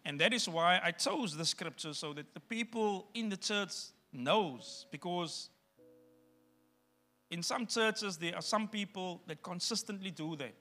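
Pastor, male, high and very bright voice; preaches emphatically and talks right to the congregation. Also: measured pace. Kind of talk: sermon.

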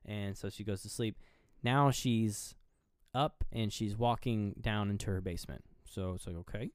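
Man, podcast co-host, casual movie recap, swears a lot, low-pitched, dry sound. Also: unhurried, a little mellow, clean tone, no room sound. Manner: rambling, swears freely, laughs at himself.

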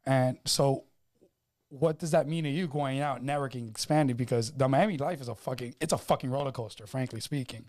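A man's voice: mid-range voice, fairly quick, a little mellow. A man hosting a casual podcast, joking loosely and swearing freely. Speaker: podcast host.

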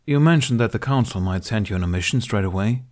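A man voicing a calm, proud male Jedi master with a baritone voice. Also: fast talker, natural voice.

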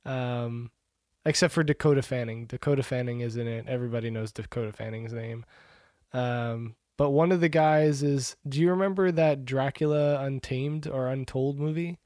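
Man, laid-back podcast chat, mid-pitched voice, dry close sound. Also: normal speed, no echo. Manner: relaxed, rambling, lots of "like" and "um". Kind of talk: casual chat about movies and shows.

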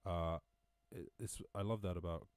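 A man's voice: deep voice, fairly even intonation, moderate pace, smooth, no echo. A man with an Irish accent hosting a casual live-stream, reading news and riffing on it, swearing freely and laughing at his own jokes. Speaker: podcast host. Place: home during lockdown.

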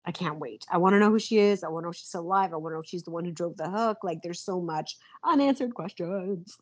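Woman, podcast co-host: husky, expressive, eager chatter, dry close mic. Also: on the low side, quick pace, no room sound. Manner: eager, chatty, laughs along. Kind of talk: casual chat.

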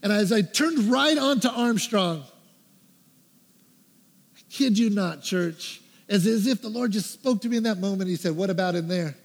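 A man with a high, bright-sounding voice preaches a storytelling sermon, acting out his own prayers and quoting the people he met. His voice rings out with a long reverb, as if he is filmed in a big hall. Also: unhurried, pauses often. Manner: animated, acts out his own prayers and quotes. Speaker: pastor.

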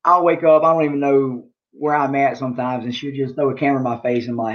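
A man's voice: medium pitch, fairly even intonation, quick pace, hardly any pauses. A man chatting as a guest on a podcast, easygoing and joking. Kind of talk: casual podcast chat. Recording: dull lo-fi sound.

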